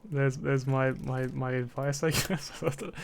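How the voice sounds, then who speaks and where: A young man from Britain chats on a stream at a middle pitch. He rambles along, stumbling over repeated words and breaking into laughter. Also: fairly even intonation, unhurried, gravelly. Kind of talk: casual chat.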